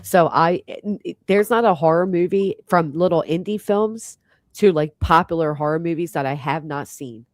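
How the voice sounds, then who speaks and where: A woman's voice: low-pitched, moderate pace, dry recording. A woman chatting casually on a livestream, rambling and heartfelt as she thanks her host. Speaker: livestream guest.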